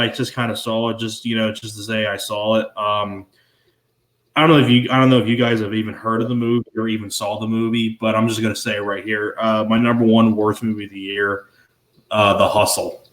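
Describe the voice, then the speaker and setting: A man's voice: lowish voice, little pitch movement, a little fast, a bit bright. Rambling man in an echoey room. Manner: rambling, repeats words, swears casually. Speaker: podcast co-host. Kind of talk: casual movie review chat. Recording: roomy echo.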